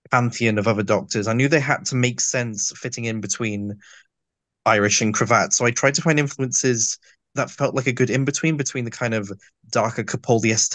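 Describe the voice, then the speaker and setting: A man's voice: medium pitch, a bit bright, dry recording. A man with a lisp, a guest on an interview, giving long and detailed explanations in a casual chat. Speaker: audio drama actor, guest.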